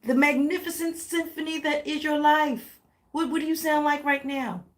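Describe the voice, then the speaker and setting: Animated woman reading tarot live. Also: high-pitched, moderate pace. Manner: affectionate, animated, talks directly to viewers; pet names and playful exclamations. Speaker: tarot reader.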